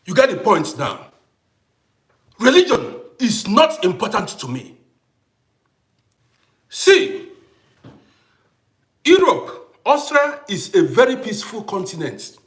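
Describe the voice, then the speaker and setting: A man's voice: sits high, wildly swooping pitch, slow, long pauses, a bit bright. A middle-aged man hosting a livestream, delivering an impassioned monologue and repeating phrases for emphasis. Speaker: livestream host.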